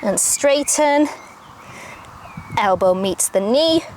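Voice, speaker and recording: A young adult woman teaching a yoga class outdoors, giving calm step-by-step cues. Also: a little high, slow pace, slight background noise. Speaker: yoga instructor. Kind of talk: guided yoga class instruction. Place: outdoors, birds audible. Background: faint outdoor ambience with birdsong.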